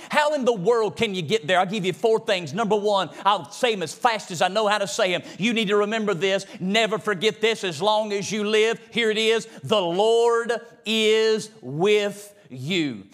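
A man's voice: sits high, a bit bright. A man preaching a sermon in a church, fiery and rhythmic, singing out some phrases. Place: church sanctuary.

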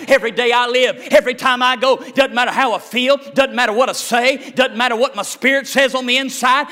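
A man preaching a sermon, folksy and rhythmic, building to shouted, chanted peaks. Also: extremely high pitch. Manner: folksy, calls listeners honey.

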